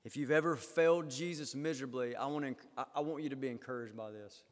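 A man preaching a sermon, rising loud when quoting scripture and dropping low for his own comments. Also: fast talker. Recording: long hall reverb.

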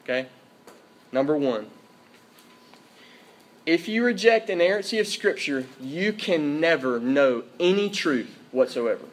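Preaching at a church service, this pastor speaks in a slightly high, expressive voice, a little slowly and with frequent pauses. He stresses his points forcefully, repeats key phrases, and asks his listeners "Okay?"

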